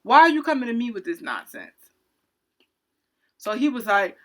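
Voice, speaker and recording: Bright-voiced woman ranting a storytime. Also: medium pitch, brisk, slightly rough. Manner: indignant, animated storytelling. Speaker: retail cashier. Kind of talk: storytime rant vlog.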